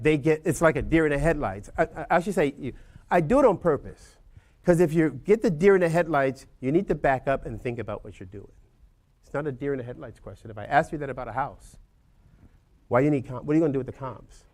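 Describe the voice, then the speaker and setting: A man teaching a class of real estate agents in a loose, conversational way, often checking in with "right?" over a video call. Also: medium pitch. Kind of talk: informal lecture to agents.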